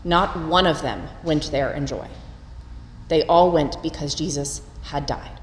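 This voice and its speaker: A woman preaching an Easter sermon, expressive and storytelling, with lively swings in her delivery. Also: low voice, unhurried. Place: church sanctuary. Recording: roomy church with long reverb.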